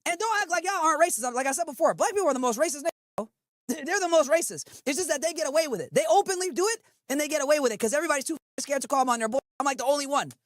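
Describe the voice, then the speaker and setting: A woman's voice: high-pitched, animated, racing, dry recording, clean studio sound. A woman in a played clip ranting in a scornful, sarcastic tone, mocking her targets. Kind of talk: mocking rant.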